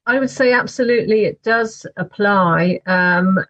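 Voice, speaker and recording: A woman, an author, answering interview questions in a measured, thoughtful way. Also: medium pitch, a bit bright, dry recording, lo-fi sound. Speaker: author guest.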